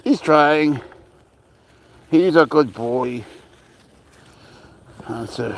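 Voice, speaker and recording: Young man, from Spain, casual pet-owner chatter, cheering and coaxing, slightly high voice, unhurried delivery. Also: a little hiss or hum. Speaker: pet owner filming his cat.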